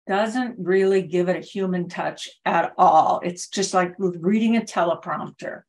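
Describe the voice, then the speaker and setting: A middle-aged woman teaching a public speaking workshop over a video call, with lively, varied pacing and deliberate pauses. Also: on the low side. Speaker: speaking coach. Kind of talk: conference workshop talk.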